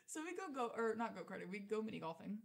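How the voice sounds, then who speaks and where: Animated young woman telling a story. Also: mid-range voice, fast, creaky. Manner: animated, swearing freely, acts out quotes. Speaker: podcast co-host. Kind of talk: casual chat, storytelling.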